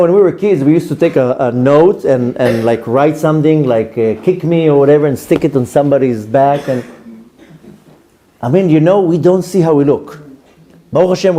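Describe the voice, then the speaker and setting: A man, a rabbi telling a lively story to his class and acting out his own reactions. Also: on the high side, a little fast, slight background noise. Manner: animated, acts out his own reactions in quotes.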